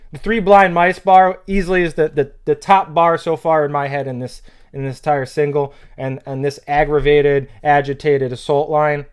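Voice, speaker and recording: A man hosting a music reaction, talking loosely with restarts and bursting into loud excited exclamations. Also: on the high side, clean tone. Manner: loose and conversational, many restarts. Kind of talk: casual reaction commentary.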